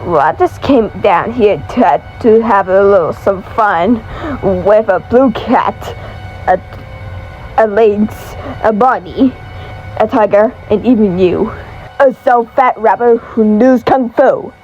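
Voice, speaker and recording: A woman's voice: mid-range voice, slow pace, darkish tone, lo-fi sound, soft background music, close to an everyday voice. A woman voicing a taunting villainous creature in a homemade spooky story. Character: menacing villainous male creature.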